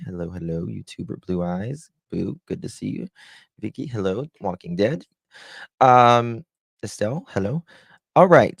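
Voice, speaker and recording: A man's voice: lowish voice, vocal fry, no room sound, studio quality. A man hosting a true-crime livestream in a casual, chatty way, greeting viewers and reading their comments aloud.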